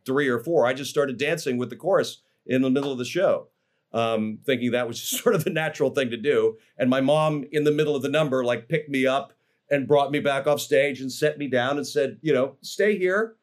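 A man's voice: medium pitch, fairly even intonation, brisk. A man, an actor, telling stories about his life in a casual interview, rambling with fillers and restarts. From Los Angeles, USA.

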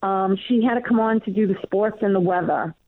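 A woman's voice: medium pitch, a little fast, dry recording. A woman with a Queens accent, a comedian and show host, chatting animatedly in an interview from home. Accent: Queens, New York. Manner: chatty and animated, with frequent fillers. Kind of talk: casual interview chat. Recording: tinny phone-like line, dry.

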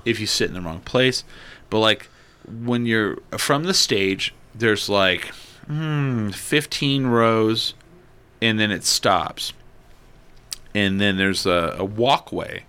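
A man spins a long anecdote for his studio co-hosts, animated and loose, dropping curses as he goes. His voice sits a touch low but has a bright, forceful edge. The tone stays relaxed and conversational. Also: takes it slowly, clean tone. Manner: animated, swears a lot, chatty asides. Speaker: podcast co-host telling a story. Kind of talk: casual storytelling chat.

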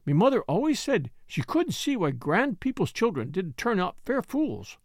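A woman's voice: mid-range voice, sing-song, moderate pace, no echo, clean studio sound. A woman voicing a kind, plainspoken young maid who talks in broad Yorkshire dialect. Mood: gossiping. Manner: broad dialect, earnest and chatty.

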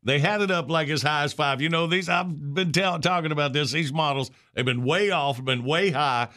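A man's voice: a little high, moderate pace, pushed and bright. A man hosting a morning radio show, rambling and opinionated, peppering his talk with "all right.".

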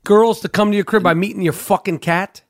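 A man's voice: high-pitched, fairly even intonation. A young man co-hosting a podcast, cutting in with joking questions and quips. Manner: joking, interrupting with quick questions. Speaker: podcast co-host. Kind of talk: casual chat, interjecting.

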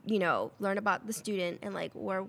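A young woman, a college student, chatting casually with quick interjections and laughter. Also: mid-range voice, lively intonation. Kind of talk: casual chat.

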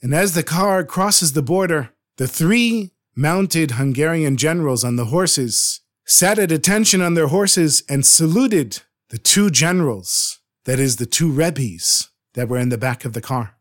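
A man's voice: on the high side, a little slow, hardly any pauses. Earnest man telling a dramatic story. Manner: earnest, expressive.

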